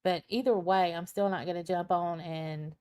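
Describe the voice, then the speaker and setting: Sitting at her home computer with a small fan going, a tarot reader chats casually on her live stream through the computer mic. She sounds tired, greets viewers by name, and fills her talk with ums and laughter. Her voice is lowish, fairly even, a little mellow, and clean, at normal speed.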